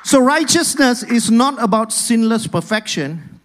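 A man's voice: extremely high pitch, expressive, unhurried, a little hiss or hum. A male pastor preaching a sermon, energetically urging the congregation to repeat after him and respond.

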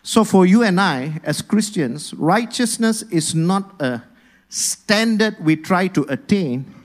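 A man delivers a sermon from the pulpit, with a voice pitched well above most men. He speaks with energy and keeps calling on the congregation to answer and repeat his words. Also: slow pace. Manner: energetic, rousing congregation to respond. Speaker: pastor.

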